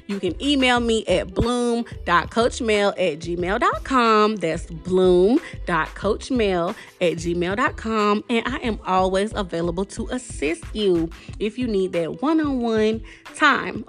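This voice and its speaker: Sassy lady podcast host leading affirmations, slow and drawn out, faint music behind. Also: mid-range voice, fairly bright tone. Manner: sassy, direct, calls listeners baby and girl. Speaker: self-love podcast host and coach. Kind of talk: casual podcast talk with affirmations.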